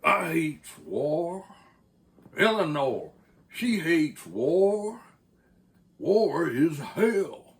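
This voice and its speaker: A man's voice: a little high, sing-song, very slow, long pauses, pitched above the performer's own voice, exaggerated voice. A man with a Texan accent voicing a brash, teasing lineman who hollers his lines in a thick, exaggerated drawl. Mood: mock sing-song.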